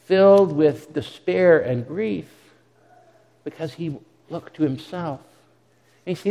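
High-voiced male preacher in a reverberant hall. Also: a little mellow. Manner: earnest, repeats words when restarting, dramatic quoted asides. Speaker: pastor. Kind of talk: sermon.

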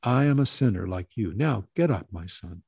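A man voicing a calm, kindly spiritual master who speaks gently and in measured words. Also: lowish voice, creaky, husky, dry recording, studio quality, heavily acted. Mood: gentle. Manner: gentle, soft-spoken, measured.

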